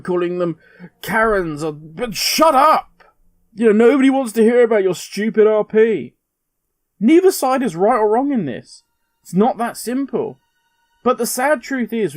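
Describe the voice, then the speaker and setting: Impassioned high-voiced male game commentator. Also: no room sound. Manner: impassioned, animated. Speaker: gaming video host. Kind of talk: opinion commentary.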